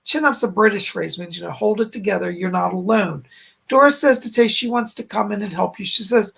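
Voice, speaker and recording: Very gravelly, husky male psychic host. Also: high-pitched, a little fast. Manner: relays messages with repeated "she said"; gentle, reassuring. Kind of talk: live-stream psychic reading.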